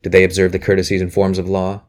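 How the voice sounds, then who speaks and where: A man reading the part of a fervent, secretive young gentleman conspirator in an audiobook. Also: deep voice, monotone, fast talker, natural voice. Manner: urgent, hushed, then fierce.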